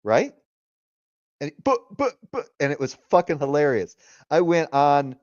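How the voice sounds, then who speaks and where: A man's voice: on the high side, big pitch swings, normal speed, a little mellow, dry recording, dull audio. A man hosting a casual livestream, talking loosely, swearing freely and laughing often. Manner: retells arguments in quoted voices. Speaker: livestream host.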